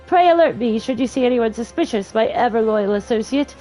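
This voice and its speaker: A self-important gentleman inspector full of flowery, grandiose speech, put on by a woman reading game lines aloud. The voice sits a little lower than her usual higher register, with soft music faint in the background. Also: lively intonation, a little fast, lightly acted, poor audio. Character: pompous gentleman male detective, theatrical.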